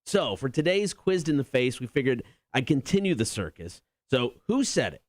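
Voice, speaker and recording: A man's voice: mid-range voice, very animated, no room sound, studio quality. Upbeat male radio quiz host. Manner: upbeat announcer delivery, reads quotes slowly. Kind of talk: morning radio show banter. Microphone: studio microphone.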